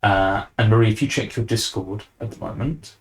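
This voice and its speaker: A young podcast host with a lowish voice chats casually at a moderate pace. He rambles, using fillers and restarting his sentences.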